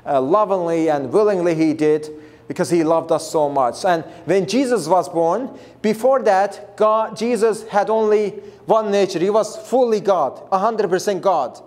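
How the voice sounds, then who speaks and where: A man's voice: high-pitched, normal speed, a little mellow. A man preaching a Bible lesson in an earnest, emphatic way, repeating himself and restarting phrases as he explains. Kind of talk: Bible teaching.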